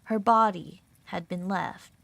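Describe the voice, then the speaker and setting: A woman's voice: mid-range voice, fairly even intonation, slow pace, vocal fry, a bit bright, dry recording, voice pushed down. A woman imitating a grave male narrator of a true-crime TV show, with a solemn, dramatic announcer delivery.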